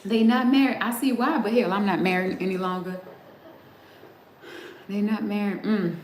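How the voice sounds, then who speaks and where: A woman's voice: medium pitch, fairly even intonation, moderate pace. Chatty middle-aged woman in a roomy space. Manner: chatty, laughs often, talks straight to the chat. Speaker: livestream host. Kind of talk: casual chat with live viewers. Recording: roomy sound with faint background noise.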